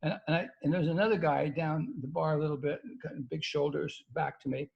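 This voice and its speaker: An older man, a guest, telling a story in a halting, stop-and-start way with casual swearing. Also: on the high side, fairly even intonation, vocal fry. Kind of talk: rambling storytelling. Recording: dull lo-fi sound.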